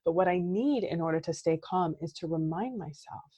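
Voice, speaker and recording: A woman with a lowish voice talks in a casual podcast chat. She is a therapist and coach in her thirties, animated, and she keeps asking "right?" as she explains. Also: moderate pace, breathy edge. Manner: animated, says "right?" often, acts out quoted outbursts.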